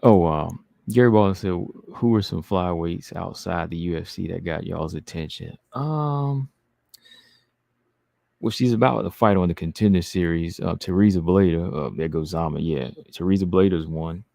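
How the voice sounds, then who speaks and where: Deep gravelly man, laid-back stream talk. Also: moderate pace, a little mellow, no echo, clean studio sound. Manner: laid-back, reads chat comments aloud and answers them. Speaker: livestream host reading chat. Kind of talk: casual livestream chat.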